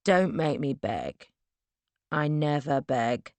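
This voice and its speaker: A woman voicing a brazen, tipsy young gentleman who pleads in a hushed, insistent voice in an audiobook. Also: deep voice, animated, takes it slowly, no room sound. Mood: pleading.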